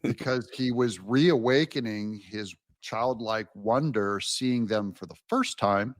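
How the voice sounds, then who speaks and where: A man's voice: fairly low pitch, slow. A man on a podcast, musing reflectively about a book's ideas. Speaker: podcast guest. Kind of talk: casual book discussion.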